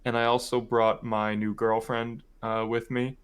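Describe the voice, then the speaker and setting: A man's voice: mid-range voice, flat delivery, unhurried, fairly bright tone, clean tone. A young man from Michigan, co-hosting a podcast, telling a family story in a rambling, casual way full of "like" and "um". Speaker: podcast co-host.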